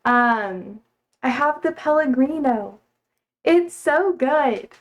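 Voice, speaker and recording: Chatty woman streamer, fairly high voice. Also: animated, slow, rough recording. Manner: rambling, talks baby-voice to her pets. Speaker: livestreamer. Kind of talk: casual chat while cooking.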